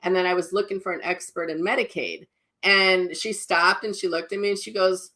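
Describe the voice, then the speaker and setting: Chatty low-voiced Midwestern woman. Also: brisk, bright, forceful tone. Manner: chatty, rambling, many restarts and asides. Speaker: psychic medium and spiritual teacher. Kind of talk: casual spoken teaching with personal stories.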